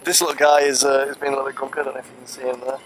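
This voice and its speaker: A man's voice: medium pitch, little pitch movement, very fast, low-quality recording. A young man, chatting casually to camera as a family vlogger, explaining things at length with dry jokes. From Cheshire, England. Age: young adult. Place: inside a car. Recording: road noise in a car.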